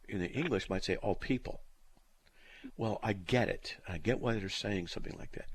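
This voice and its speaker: A middle-aged man with a low, husky voice hosts a live call-in radio show. He talks bluntly and plainly, and his dry humor gives his speech a lively rise and fall in pitch. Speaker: radio host answering listener questions.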